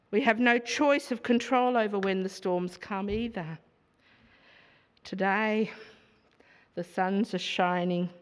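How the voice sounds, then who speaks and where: A woman preaching a sermon in a measured way, often asking rhetorical questions. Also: medium pitch, big-room sound.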